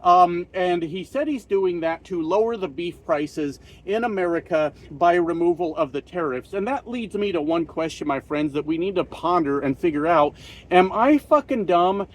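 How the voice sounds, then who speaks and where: High-voiced man ranting, swearing constantly. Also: moderate pace, hardly any pauses. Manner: profane, worked up, frequent fillers. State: short of breath, coughing. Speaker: political commentary vlogger. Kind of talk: angry political rant.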